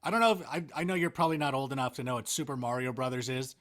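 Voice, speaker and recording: A Southern California sports analyst in his forties chats as a guest in a casual interview, his medium-pitched voice very fast and a bit bright. He rambles and pokes fun at himself.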